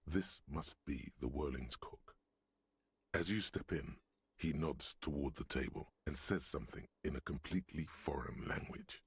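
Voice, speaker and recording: A gravelly, brooding game narrator. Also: male voice, no echo, heavily acted. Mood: solemn. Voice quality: very deep and gravelly. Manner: slow, measured descriptive delivery. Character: brooding disembodied male narrator, grave and literary.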